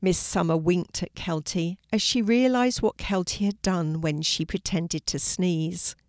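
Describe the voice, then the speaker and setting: An older woman gently reading a children's storybook aloud, her voice fairly low and clear. The sound is close and dry, with no room echo. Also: measured pace.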